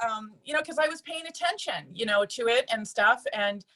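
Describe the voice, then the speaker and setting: Chatty, earnest higher-voiced woman. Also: a little fast, hardly any pauses, pushed and bright. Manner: chatty and earnest, with frequent fillers. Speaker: person giving a testimonial. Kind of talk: personal testimonial to a group.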